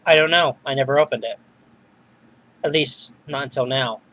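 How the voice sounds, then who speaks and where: A man reading the lines of a guarded young woman bartender in a video game, haltingly and in his own voice. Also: mid-range voice, a bit bright, natural voice, rough recording. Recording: faint music behind.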